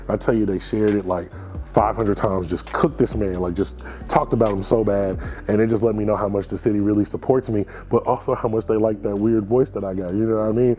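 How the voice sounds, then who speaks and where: A man in his thirties from Kansas City, telling stories in a casual interview, chatty and animated, with lots of fillers and restarts. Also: fairly low pitch, a little fast, soft background music. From Kansas City, USA. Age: 30s. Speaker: food reviewer being interviewed.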